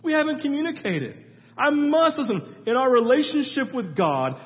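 Guy pastor preaching, high lively voice, keeps asking "right?", echoey church, kinda muffled. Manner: storytelling, conversational with audience asides. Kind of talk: sermon. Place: church sanctuary. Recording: muffled sound with long church reverb.

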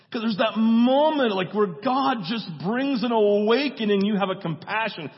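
A man with a high voice preaches a sermon in a relaxed, conversational way, often checking in with the congregation and briefly voicing scenes he retells. His voice rings with a long hall echo. The sound is dull and muffled. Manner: acts out movie dialogue in quick voices. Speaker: pastor.

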